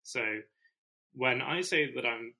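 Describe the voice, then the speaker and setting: A man, co-hosting a casual podcast discussion, explaining his views in a measured, careful way. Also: medium pitch, vocal fry, bright, forceful tone, husky, rough recording. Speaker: teacher podcast co-host.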